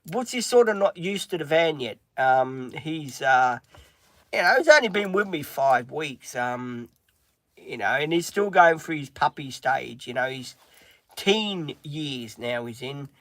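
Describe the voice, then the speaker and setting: Middle-aged man, casual live-streamer, rambling and full of ums, slightly high pitch, dry close sound. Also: expressive, unhurried, a bit bright, no echo. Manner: rambling, with many filler ums; breaks off to talk to his dog. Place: inside a van.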